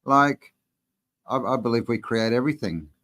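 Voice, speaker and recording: A man's voice: medium pitch, normal speed. Laid-back man chatting live. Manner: relaxed, rambling, says man and bro. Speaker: channel host answering live chat. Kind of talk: casual live-stream Q&A.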